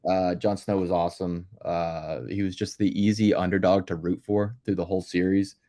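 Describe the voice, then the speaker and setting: A man in casual movie-podcast chat, enthusiastic and quick to laugh. His voice sits fairly low, and he often stalls on fillers before getting his point out. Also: little pitch movement, dark tone. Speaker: podcast co-host.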